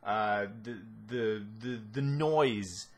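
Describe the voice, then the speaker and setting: A man's voice: fairly low pitch, extremely slow. A man giving a casual spoken analysis of a series, rambling with many restarts and fillers and a sardonic edge. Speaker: video essayist.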